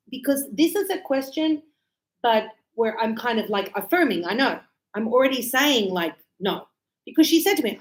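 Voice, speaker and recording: A middle-aged woman with an Australian accent, teaching an English grammar lesson live and acting out little examples as she explains. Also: a little high. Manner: lively, explains with acted examples. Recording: echoey room.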